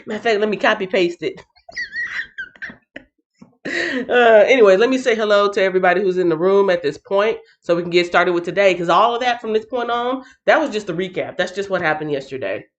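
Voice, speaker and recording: A woman's voice: mid-range voice, fairly quick, dull audio. A woman hosting a Bible reading livestream in a playful, chatty way, laughing often and talking straight to her viewers. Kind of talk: casual livestream chat.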